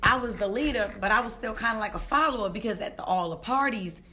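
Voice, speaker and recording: A woman's voice: fairly high pitch, fast, slight background noise. A woman, a comedian telling stories in a casual interview and acting out what people said. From Baltimore, Maryland, USA. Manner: animated, acts out quotes in voices, laughs often. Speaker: comedian guest.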